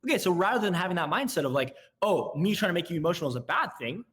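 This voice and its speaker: A young man, a guest on a casual podcast, explains sales tactics in a lively way and acts out both sides of a call. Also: sits high. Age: young adult. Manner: rapid, animated explaining, acting out both sides of calls.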